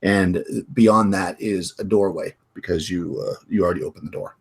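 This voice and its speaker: Halting game master, low husky man. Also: fairly even intonation. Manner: halting, with many fillers and restarts. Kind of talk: narrating a tabletop game.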